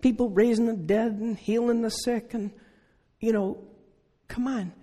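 Husky-voiced older preacher in a reverberant hall. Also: medium pitch, steady tone, unhurried, mellow. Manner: earnest, conversational preaching with rhetorical questions. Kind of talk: sermon. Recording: long reverb of a large hall.

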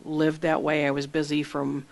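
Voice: mid-range voice, completely flat delivery, moderate pace, gravelly. Earnest conversational Bible teacher. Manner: earnest, reads scripture then explains it plainly; tells personal stories with small laughs. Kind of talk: conversational sermon.

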